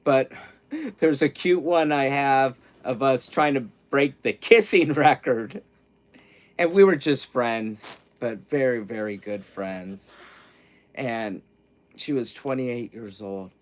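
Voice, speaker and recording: A middle-aged man chats on his livestream in a rambling, candid way, his voice sitting in an ordinary middle pitch. He stumbles and repeats words, sinking to near-whispers when sad and leaping up loud when excited. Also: slow pace. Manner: rambling and candid, swinging between hushed grief and loud excitement; self-interrupting, repeats words. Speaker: livestream host. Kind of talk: casual livestream chat.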